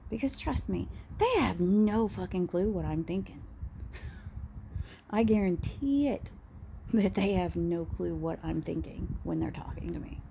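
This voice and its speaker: Slow, gravelly woman ranting bluntly. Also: lowish voice, animated, a little hiss or hum. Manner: blunt, swears freely, pauses and restarts, laughs quietly. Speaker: vlogger. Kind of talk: personal rant monologue.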